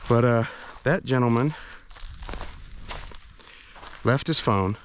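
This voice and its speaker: A man's voice: mid-range voice, moderate pace, a little hiss or hum. A man vlogging while hiking outdoors in a forest, out of breath, talking in a rambling, hesitant way. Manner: rambling, hesitant, many fillers and restarts. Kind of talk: casual walk-and-talk vlog.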